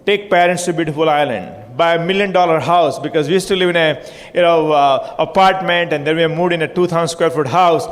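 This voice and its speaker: Man, motivational speaker, high voice, punchy and repetitive, hall reverb. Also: a little fast, few pauses. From India. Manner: repetitive, punchy, audience-prodding. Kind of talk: motivational stage talk. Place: hotel conference hall.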